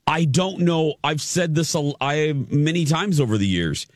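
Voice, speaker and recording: A man's voice: on the high side, lively intonation, unhurried, no echo, clean studio sound. A man hosting a morning radio show, chatting casually, self-deprecating and stumbling over his words. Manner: self-deprecating, laughs often, stammers and restarts. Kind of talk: casual on-air banter. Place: radio studio. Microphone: studio microphone.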